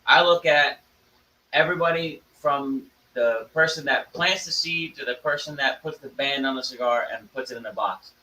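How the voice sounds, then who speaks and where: Male co-host, earnest and rambling, bright tone, distant mic in an echoey room. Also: mid-range voice, moderate pace. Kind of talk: casual chat.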